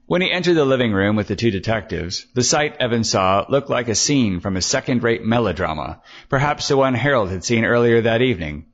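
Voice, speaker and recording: A man reading a detective novel aloud as a narrator, in an even, measured manner. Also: mid-range voice. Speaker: audiobook narrator. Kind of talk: scripted narration. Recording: dull lo-fi recording.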